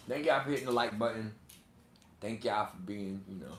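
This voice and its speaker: A man's voice: lowish voice, lively intonation, brisk. Rambling man in an echoey room. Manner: loose, rambling, laughs often. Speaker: channel host. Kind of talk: casual commentary to viewers. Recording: echoey room with faint noise.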